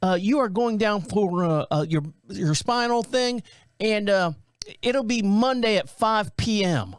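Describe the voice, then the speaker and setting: A man's voice: sits high, animated, measured pace, no echo, clean studio sound, pitched above the performer's own voice. A man voicing a chirpy female doctor's office scheduler in a sing-song, businesslike way.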